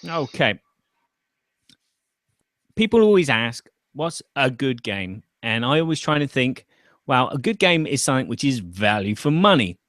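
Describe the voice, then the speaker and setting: A man's voice: medium pitch, very animated, unhurried, long pauses, fairly bright tone, no room sound. Man, podcast host, chatty, thinks aloud, dry close sound. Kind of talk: casual chat about board games.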